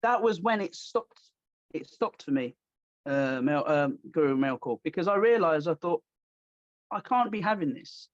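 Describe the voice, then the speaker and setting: A man with a fairly high voice tells stories in a casual podcast chat, jumping into the voices of people he quotes. The recording is dry and slightly dull, with a lo-fi tone. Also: moderate pace, dry recording. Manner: animated, acts out quoted voices. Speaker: podcast host.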